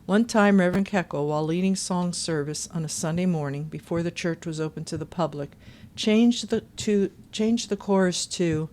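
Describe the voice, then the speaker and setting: A woman's voice: lowish voice, normal speed, darkish tone. A woman reading forum posts aloud and adding her own indignant, pointed commentary, now and then singing snippets of a chorus.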